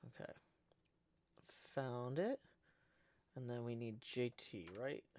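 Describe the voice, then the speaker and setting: A man's voice: mid-range voice, takes it slowly, a little mellow. A man hosting a live stream, chatting in a joking, scatterbrained way. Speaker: streamer host. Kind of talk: casual chat.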